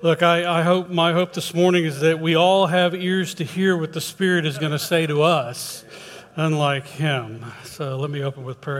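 A man's voice: fairly high pitch, little pitch movement, moderate pace. A man preaching in a church, telling a folksy joke and then leading a prayer with hesitant restarts. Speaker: lay preacher. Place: church sanctuary. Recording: long hall reverb.

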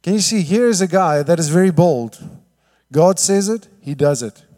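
A man preaching a sermon, telling the story lively, acting out the quotes and often asking "all right?". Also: on the high side, normal speed. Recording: long hall reverb.

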